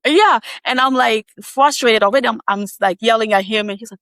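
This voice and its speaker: A woman guest on a podcast, telling a personal story in a casual, animated way with frequent laughs and quick asides. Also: a little high, no echo.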